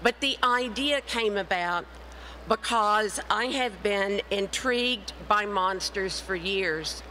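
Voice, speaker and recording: A middle-aged woman speaking at a conference with a bright, forceful voice. She tells her story with energy and slips into the voices of the people she quotes. A faint hum of room ambience sits underneath. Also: medium pitch, slow pace, poor audio. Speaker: author and speaker. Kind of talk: conference talk.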